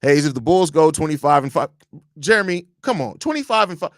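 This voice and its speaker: A man with a Chicago accent hosting a live podcast stream, reading chat comments and ranting in a blunt, profane, animated way. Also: a little high, fairly quick, no echo, clean studio sound.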